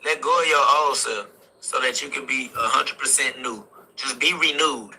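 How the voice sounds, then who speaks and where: A man's voice: mid-range voice, moderate pace, creaky, pushed and bright, husky, poor audio. A young man giving an impassioned, preaching-style motivational talk, driving points home with repeated exhortations. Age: young adult. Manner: repetitive exhortations punctuated with "facts". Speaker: motivational speaker.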